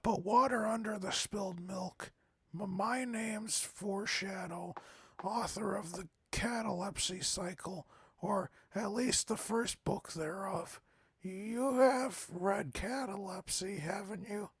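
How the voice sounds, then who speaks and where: A nervous female pony author, stammering and fond of long words, as a man puts her on. The voice is husky and gravelly, recorded dry and close. She sounds skittish and wordy. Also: sits high, slow, no room sound, voice pushed up, exaggerated voice. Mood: apologetic. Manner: timid, stammering, fancy words. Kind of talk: reading game dialogue aloud.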